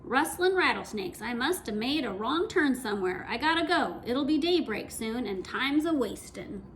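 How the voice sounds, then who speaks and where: Storybook villain: gruff mean cowboy man, drawling threats, put on by a woman reader. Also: a little high, expressive, moderate pace, a little hiss or hum, natural voice.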